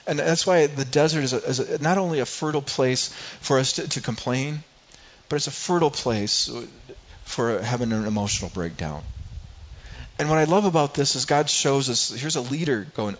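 A man's voice: medium pitch, moderate pace, muffled recording. A man preaching a sermon as a pastor, earnest and asking rhetorical questions.

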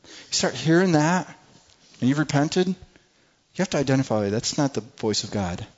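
A man's voice: medium pitch, expressive, moderate pace. A man preaching a sermon with emphasis, often repeating words as he restarts. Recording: muffled lo-fi recording.

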